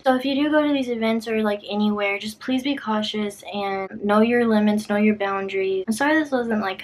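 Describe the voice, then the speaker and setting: Speaking straight to camera in a storytime vlog, a young woman YouTuber with a mid-range voice chats through a personal story, using lots of fillers and performing people's quotes. The recording sounds rough.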